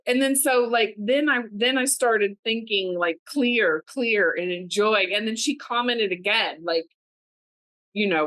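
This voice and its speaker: A woman co-hosting a podcast, telling a personal story in casual chat, animated and laughing, with many "like" fillers. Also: mid-range voice, slow, no echo, rough recording. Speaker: podcast co-host.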